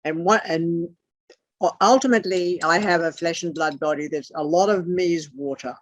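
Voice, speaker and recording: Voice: mid-range voice, normal speed. A tarot teacher giving a rambling esoteric lecture, swearing casually and drifting into muttered asides. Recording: dull lo-fi dry recording.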